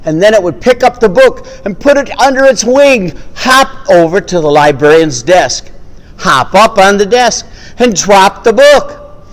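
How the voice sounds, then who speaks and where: A man's voice: sits high, expressive, measured pace, big-room sound. A man telling a family story with puppets, acting out the animal sounds as he goes.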